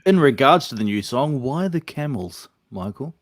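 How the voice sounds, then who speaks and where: A man's voice: medium pitch, expressive, moderate pace, dry recording. Casting: male band member, upbeat and praising, mid voice, dry close sound. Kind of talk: casual interview chat.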